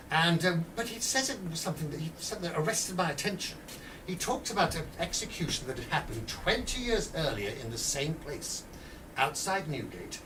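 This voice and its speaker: Male storyteller, high and lively, talks straight to his audience; distant mic, faint room hum. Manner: lively, acts out voices, talks to listeners directly. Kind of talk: animated historical storytelling.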